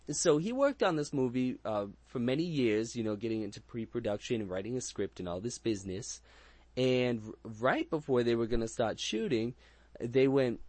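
A man's voice: mid-range voice, expressive, moderate pace, darkish tone, dry recording. A man hosting a casual movie review chat, rambling and crude with frequent restarts and jokes. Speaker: podcast host.

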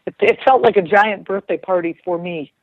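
A woman's voice: mid-range voice, moderate pace. A chatty woman talks as a radio guest, circling back and restarting her sentences as she goes. The sound is dull and lo-fi, like an older radio broadcast. It is also very dry, with no room echo at all. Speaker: guest commentator. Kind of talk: casual radio chat.

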